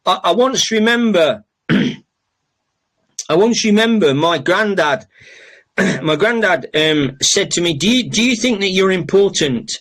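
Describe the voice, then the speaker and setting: A middle-aged man, rambling through a casual storytelling monologue on his podcast. His voice sits a little higher than most men's, and he talks in loose, circling sentences full of ums, restarts and the odd swear word. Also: fairly bright tone. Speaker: podcast host.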